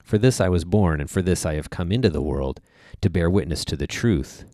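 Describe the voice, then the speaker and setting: A calm, solemn prisoner , read by a man, in a deep voice. The answers come slowly and gravely. The recording is close and dry. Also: no echo.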